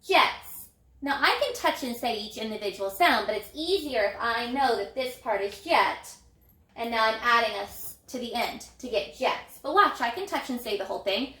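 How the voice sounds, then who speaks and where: A woman teaching an elementary phonics lesson, sounding out letters in a slow, encouraging, sing-song way. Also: on the high side, expressive, bright, forceful tone, reverberant. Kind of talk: recorded phonics lesson for young children.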